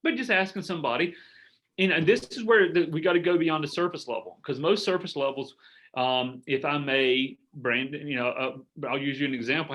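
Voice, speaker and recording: A middle-aged man coaching a group over a video call, earnest and animated, acting out sample sales conversations. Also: a little high, a little fast. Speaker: business coach. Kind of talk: coaching workshop talk.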